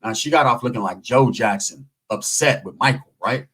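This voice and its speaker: A man's voice: medium pitch, moderate pace, fairly bright tone, breathy edge, poor audio. A man hosting his own channel, telling a story in a slangy, playful, rhythmic way. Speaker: channel host. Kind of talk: casual storytelling commentary.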